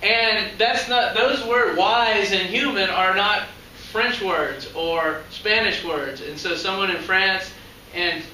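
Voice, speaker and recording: A high school biology teacher lectures his class in a chatty, conversational way, often pausing to put questions to the students. His voice is high and very bright, and he speaks slowly. The mic catches him from far across a very echoey classroom, with faint room noise in the background.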